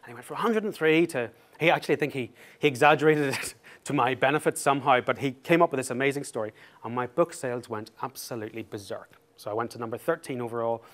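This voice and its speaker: A man's voice: medium pitch, fast talker. Self-mocking man telling a story. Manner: lively, self-mocking, laughs through the story. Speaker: author giving a talk. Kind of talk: anecdotal storytelling presentation.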